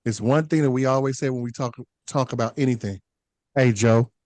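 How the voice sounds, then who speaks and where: Easygoing Chicago host, dry close sound, casual interview. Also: male voice, mid-range voice, quick pace, a little mellow, no echo. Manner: easygoing, asks questions. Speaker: podcast host.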